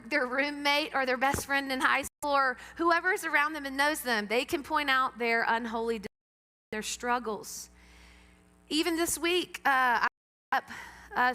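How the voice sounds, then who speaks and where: A woman's voice: a little high, sharp tone. A middle-aged woman pastor giving a sermon in a church, telling stories with animation and acting out her own reactions. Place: church sanctuary. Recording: long hall reverb.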